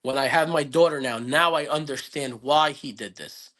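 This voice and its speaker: Guy on a podcast rambling through a story, earnest and reflective, voice sits a bit high. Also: moderate pace, fairly bright tone. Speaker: podcast guest. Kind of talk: casual interview storytelling.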